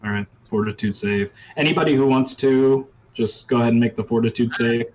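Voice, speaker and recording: A man runs a tabletop role-playing game, calling for rolls and describing scenes. He talks in a loose, relaxed way, full of ums and uhs, at a mid pitch. The recording sounds dull and lo-fi. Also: a little fast, slight background noise. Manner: relaxed, with many fillers. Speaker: game master.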